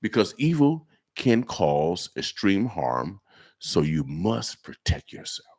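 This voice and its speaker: A deep, solemn biblical prophet, as a man puts him on for a radio show speaks slowly and gravely. The low voice drawls each phrase like a sermon. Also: very animated, darkish tone, exaggerated voice. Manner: slow, grave, sermon-like reading.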